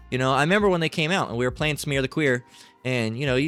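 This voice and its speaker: A man's voice: medium pitch, fast, fairly bright tone, clean tone, faint music behind. A middle-aged man in a crude, profane, rambling commentary, reading text aloud and asking "right?" a lot. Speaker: channel host.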